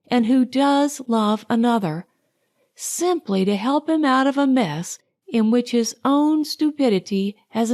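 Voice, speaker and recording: A woman playing a proud young society woman, sharp-tongued, deliberate, slow, higher voice, audiobook. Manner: crisp and pointed, slow distinct delivery.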